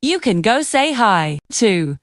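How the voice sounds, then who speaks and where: A woman voicing a brave, playful little male monkey in a children's storybook cartoon, talking in a gentle, caring, joking way. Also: mid-range voice, sing-song, slow, dry recording, clean studio sound.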